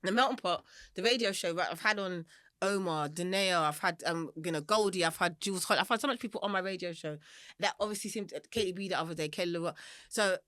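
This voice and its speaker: A woman's voice: fairly low pitch, fast, fairly bright tone, no room sound, clean studio sound. A singer-songwriter woman from South London with a London accent, talking candidly and directly in a podcast interview, laughing often and acting out the voices of people she quotes.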